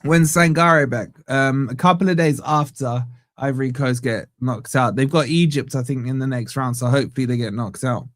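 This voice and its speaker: A man hosting a live football watch-along stream from a home setup. He banters with viewers and gives them shout-outs. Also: medium pitch, normal speed, no echo, clean studio sound. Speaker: fan channel host.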